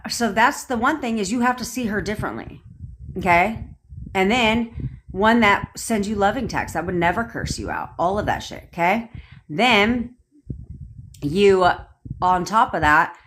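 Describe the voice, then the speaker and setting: A woman's voice: medium pitch, a bit bright, slight background noise. A young woman coaching on a livestream, ranting bluntly with plenty of swearing and answering viewers' comments as they come in. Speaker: manifestation coach. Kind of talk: casual livestream rant. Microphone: phone or webcam on a livestream.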